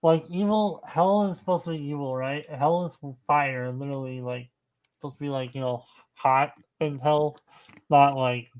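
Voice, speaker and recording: A man's voice: fairly high pitch, moderate pace, darkish tone, poor audio. A man co-hosting a casual review podcast, rambling and trailing off with "I don't know.". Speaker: podcast co-host.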